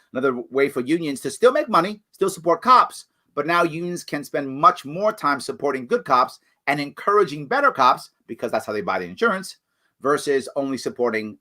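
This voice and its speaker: This medium-pitched man hosts a live political question-and-answer show. He goes through viewer comments and answers them earnestly and with animation, veering from loud emphasis into quiet apology.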